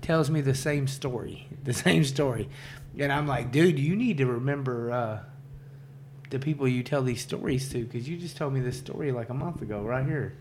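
A man's voice: mid-range voice, normal speed, darkish tone, slight background noise. A man casually telling stories on a podcast, loose and profane, laughing often and saying "like" and "dude" a lot. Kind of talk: casual storytelling chat.

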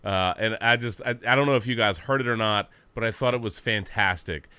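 A man hosts a podcast in relaxed, chatty conversation. His voice is bright and forward, and it sounds dry and close. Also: on the low side, fairly quick, clear, resonant tone, no echo. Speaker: podcast host. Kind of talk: casual chat.

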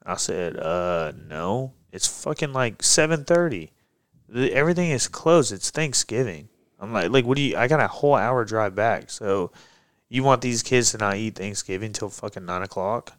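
A man's voice: on the low side, normal speed, no echo. Profane, heated man telling a story. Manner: profane, heated, animated retelling. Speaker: guest, pro MMA fighter. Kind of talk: casual podcast storytelling.

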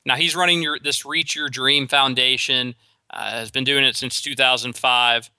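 A man hosting a sports talk show alone, giving opinionated commentary with quick restarts. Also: mid-range voice, fairly even intonation, sharp tone, smooth, no room sound. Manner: opinionated, rapid with frequent restarts.

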